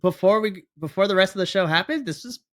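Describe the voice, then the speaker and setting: Excited guy recapping a wrestling show, higher bright voice, gushing about matches. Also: fast talker. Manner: enthusiastic, recaps events, mimics wrestlers. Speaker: podcast co-host. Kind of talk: casual wrestling podcast chat.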